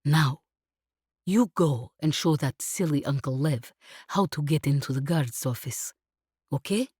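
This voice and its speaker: Narrator plays a tough protective mom, soft thick voice, low, dry audiobook sound. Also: female voice, unhurried, breathy edge, dry recording. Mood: tender. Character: hard protective mother, tender with her daughter.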